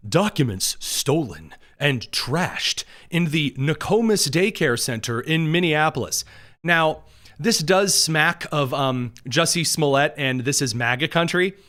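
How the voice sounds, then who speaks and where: A man's voice: fairly high pitch, animated, a little slow, sharp tone. A man hosting a political commentary livestream from a studio, talking with sarcastic, mocking asides. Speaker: host.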